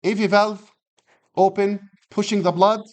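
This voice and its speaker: A man's voice: high voice, flat delivery, a little slow. Man lecturing with rhetorical questions. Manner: explains by rhetorical questions, repeats and restarts phrases; uses physical demonstrations while explaining. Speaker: anatomy and physiology instructor. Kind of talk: classroom lecture.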